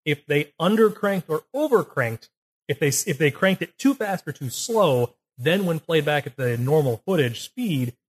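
Poor audio with uneven levels captures a husky, fairly high-voiced man co-hosting a laid-back film podcast. His intonation is lively and his pace moderate as he rambles, corrects himself and explains camera technique in technical detail.

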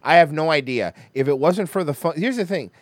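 A man's voice: on the high side, lively intonation, brisk, dry recording. A man hosting a casual livestream, reacting animatedly and swearing freely. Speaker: livestream host.

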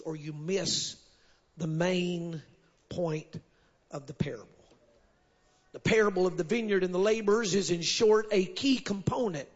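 A man preaching a sermon to a congregation, dropping frequent amens and rising to shouted refrains. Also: sits high, slightly rough, highs cut off. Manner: builds to shouted call-and-response, sprinkles amen. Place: church service with congregation.

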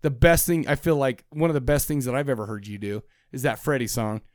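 Podcast co-host, male, rambling and jokey, smooth resonant voice, dry close mic. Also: medium pitch, a little fast, no room sound. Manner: rambling, joking, animated asides. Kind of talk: casual podcast banter.

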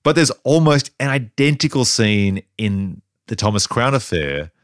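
Speaking in a mid-range voice, very animated and a little slow, this podcast co-host talks casually about a film, often laughing while he thinks out loud. The sound is studio quality with no echo.

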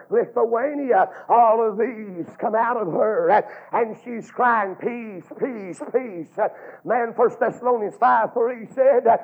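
A man preaching a fervent sermon, chanting his phrases with drawn-out "uh"s and building to shouts. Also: high-pitched, gravelly, slightly rough. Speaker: Baptist preacher. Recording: tinny, phone-like lo-fi sound.

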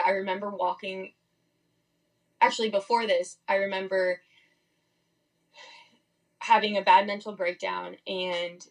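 Young adult woman, podcast guest, frank and meandering, mid-pitched voice with vocal fry. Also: low-quality recording. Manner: candid, rambling, frequent "like" fillers. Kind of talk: casual testimony.

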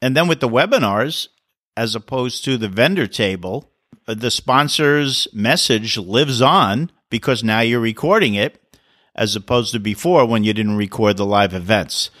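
A man's voice: medium pitch, animated, moderate pace, fairly bright tone, dry recording. Middle-aged new york guy hosting a podcast, chatty, repeats himself, dry sound. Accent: New York City. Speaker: podcast host. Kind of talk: casual interview talk.

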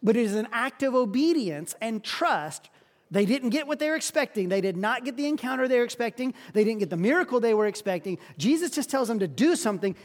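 A male pastor preaching a sermon, telling the story in an animated way and often repeating words. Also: very high-pitched. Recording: long hall reverb.

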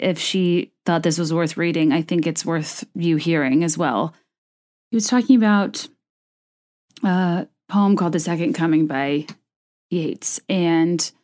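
Young woman talking to camera, earnest and fired up, lowish voice, trips over words and restarts a lot. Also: darkish tone. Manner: earnest, impassioned, halting with restarts. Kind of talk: personal monologue to camera with a read-aloud passage.

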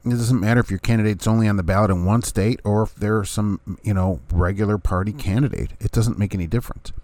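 Low-voiced man on a casual rant. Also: quick pace, a little mellow, no room sound. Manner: ranting, rhetorical questions, chuckles, acts out others' words. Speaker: vlogger, former third-party candidate. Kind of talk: casual opinion monologue.

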